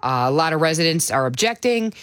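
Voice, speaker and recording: A woman's voice: low-pitched, lively intonation, fairly quick, fairly bright tone, no echo. A woman with a Chicago accent hosting a radio show, chatting casually and reading out listener texts in a studio. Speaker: radio host. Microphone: studio mic.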